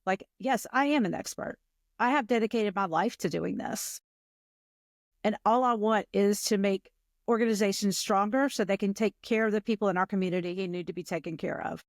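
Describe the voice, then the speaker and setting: A woman's voice: mid-range voice, brisk, dry recording, studio quality. A woman being coached, speaking earnestly and reflectively. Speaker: coaching client. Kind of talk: coaching session.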